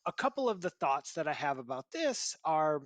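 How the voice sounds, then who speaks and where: A man co-hosting a podcast, presenting a news story and explaining it in a measured way. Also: on the high side, sing-song, dry recording. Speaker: podcast co-host. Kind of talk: reading and discussing news stories.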